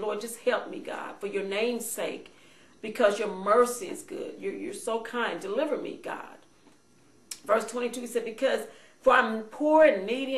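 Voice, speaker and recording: A woman's voice: mid-range voice, echoey room, rough recording. A woman pastor preaching a sermon, reading scripture verses aloud and then explaining them, with frequent amens.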